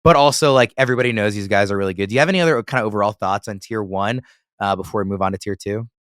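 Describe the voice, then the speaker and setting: A man's voice: fairly low pitch, rapid-fire, fairly bright tone, clear, resonant tone, no room sound, studio quality. A man hosting a casual sports analysis chat, moderating and putting questions to his guests. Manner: moderating, leading the talk with questions. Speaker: podcast host.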